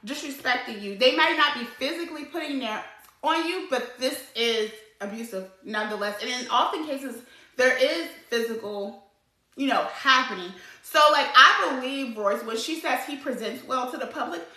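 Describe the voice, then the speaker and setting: Woman, vlog host, casual commentary, bright voice, echoey room. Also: high voice, moderate pace. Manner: conversational, with frequent "like" and "right?".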